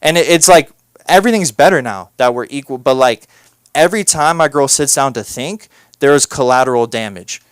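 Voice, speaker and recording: A man's voice: medium pitch, lively intonation, a little fast, smooth, no echo. A man performing a rambling, self-deprecating stand-up set on a comedy club stage, with lots of fillers.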